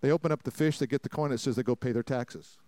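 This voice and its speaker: A pastor preaching a sermon to a congregation, telling stories with jokes and acted-out voices, swinging between loud preaching and quiet asides. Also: male voice, medium pitch, fast talker, no echo. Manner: folksy, jokey storytelling with acted-out quotes. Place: church sanctuary before a congregation.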